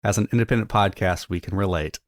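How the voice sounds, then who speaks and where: A man co-hosting a podcast, making wry jokes and asking the guest quick questions. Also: low voice, dry recording. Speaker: podcast co-host. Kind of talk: casual interview chat.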